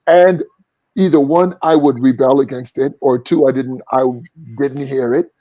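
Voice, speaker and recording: A man's voice: fairly high pitch, fairly even intonation, moderate pace, warm tone, no echo, rough recording. A man, a singer and vocal coach, talking earnestly as a guest in an interview. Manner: earnest, reflective, sings short vocal examples. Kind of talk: casual interview talk.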